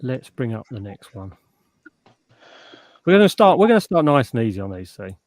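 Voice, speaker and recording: A man, hosting a casual live chat stream in a matey, relaxed way. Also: medium pitch, normal speed, no echo, studio quality. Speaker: livestream host.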